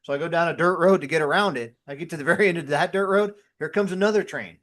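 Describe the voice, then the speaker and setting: A man's voice: on the high side, quick pace, a bit bright. A man talking as a podcast guest who was a firefighter. He tells everyday stories and acts out his own inner voice in quotes. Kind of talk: casual conversational podcast talk.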